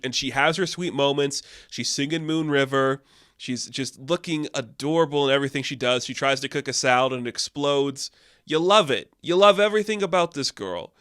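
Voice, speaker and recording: A man's voice: mid-range voice, fairly bright tone. A man reviewing a classic film in casual, enthusiastic chat, with many fillers and restarts.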